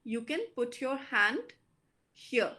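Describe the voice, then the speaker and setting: A woman with an Indian English accent lecturing students online, explaining slowly with frequent fillers. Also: fairly high pitch, sharp tone.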